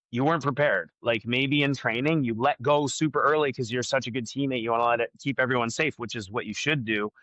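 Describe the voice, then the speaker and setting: Bright, forceful-voiced man talking frankly. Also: mid-range voice, no echo, dull audio. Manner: candid, frank, talks through his thinking with many fillers. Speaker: jiu-jitsu black belt and academy owner, guest. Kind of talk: casual podcast conversation.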